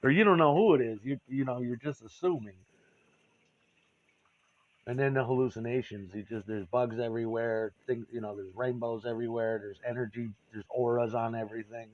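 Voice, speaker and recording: A man's voice: mid-range voice, steady tone, a little fast, dull audio. A man telling a candid, rambling personal story, profane and confessional.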